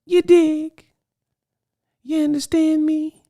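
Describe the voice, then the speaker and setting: A man mimicking a boastful jive-talking hustler from 1970s films in a high cartoonish slangy drawl. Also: little pitch movement, slow pace, mellow, exaggerated voice.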